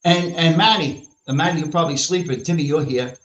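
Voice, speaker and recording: A man's voice: a little high, fairly quick, a bit bright. A man with a New York accent ranting brashly and profanely as a podcast host in casual chat. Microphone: live stream mic. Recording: echoey lo-fi room sound.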